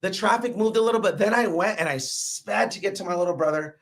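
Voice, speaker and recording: A man as a podcast guest, telling stories in an animated, emphatic way with preachy asides. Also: high voice, fast. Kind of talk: casual interview storytelling.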